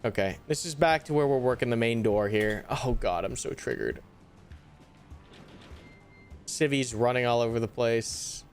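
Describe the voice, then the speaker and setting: A young man giving live commentary on a tactical shooter, animated and easily exasperated, groaning and swearing at setbacks. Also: mid-range voice, normal speed, few pauses, soft background music. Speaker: gaming YouTuber.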